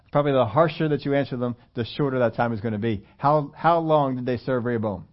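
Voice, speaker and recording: Preaching man, lo-fi sermon audio. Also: mid-range voice. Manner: conversational preaching, rising loud and emphatic at climaxes. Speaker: pastor.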